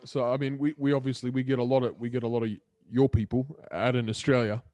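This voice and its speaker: A man's voice: medium pitch, flat delivery, quick pace, warm tone, no echo. A man hosting a podcast, asking long rambling questions and laughing often. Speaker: podcast host. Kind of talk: casual podcast chat. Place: lives in Dubai.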